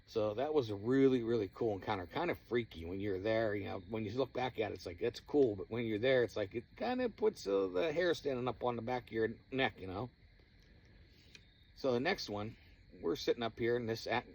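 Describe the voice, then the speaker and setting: Laughing and lively, a man swaps casual stories about his paranormal group's night-time encounters. When he imitates someone shouting, his pitch shoots up.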